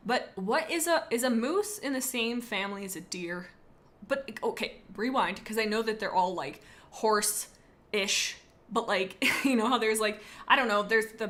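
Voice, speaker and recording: A woman's voice: mid-range voice, fairly bright tone. A young woman streaming live, chatting and rambling in a bubbly way as she reacts to her chat.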